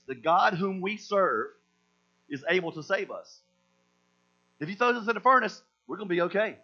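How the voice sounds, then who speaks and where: A high-pitched man with a bright, forceful voice preaches with energy, slipping into slang and acting out scripture scenes. The sound is dull and lo-fi, with a steady mains hum underneath. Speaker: pastor. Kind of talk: sermon.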